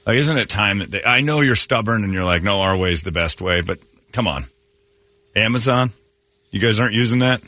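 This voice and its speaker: A man's voice: on the low side, animated, bright, forceful tone, dry recording. A man hosting a morning radio show, trading crude jokes and laughing often in casual banter. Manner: crude, joking, quick to laugh.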